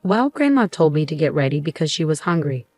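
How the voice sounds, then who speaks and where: A woman's voice: low voice, big pitch swings, fairly quick, a little mellow. A woman voicing a hesitant six-year-old girl in a storybook narration. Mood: unsure.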